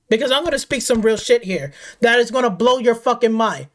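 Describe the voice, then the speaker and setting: A woman's voice: fairly high pitch, lively intonation, fairly quick, hardly any pauses. A woman gaming commentator delivering an angry, profane, confrontational rant.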